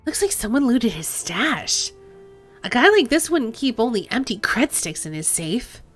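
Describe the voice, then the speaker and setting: A woman's voice: a little high, big pitch swings, unhurried, fairly bright tone, faint music behind, exaggerated voice. A woman reading a terse companion character in a video game, plain and clipped. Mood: wary.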